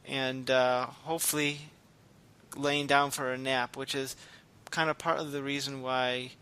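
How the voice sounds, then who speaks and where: A man co-hosting a podcast in casual chat, low-key and exhausted, rambling and restarting his sentences. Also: little pitch movement, measured pace, bright, forceful tone, clear, resonant tone. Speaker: podcast co-host.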